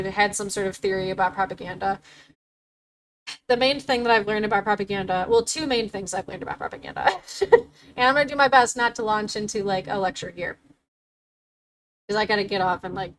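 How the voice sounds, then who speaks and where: A woman's voice: on the high side, a bit bright, low-quality recording. A young adult woman hosting a livestream, talking casually and animatedly, swearing and laughing often. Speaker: livestream host.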